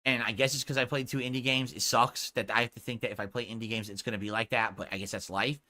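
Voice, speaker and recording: A man's voice: medium pitch, fairly even intonation, fast talker, sharp tone. A man streaming live, talking to his chat in an indignant, lecturing way, arguing back and asking for support. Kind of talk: livestream talk to chat.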